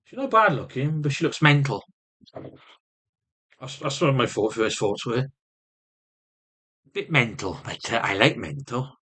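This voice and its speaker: A man's voice: medium pitch, animated, measured pace, long pauses, bright, forceful tone, breathy edge. A man vlogging with rambling personal storytelling, swearing constantly and restarting often.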